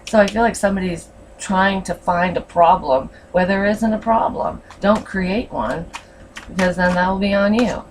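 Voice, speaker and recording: A woman's voice: medium pitch, fairly even intonation, normal speed, distant mic, a little hiss or hum, rough recording. A woman giving a casual tarot reading, blunt and frank, swearing freely. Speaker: tarot reader.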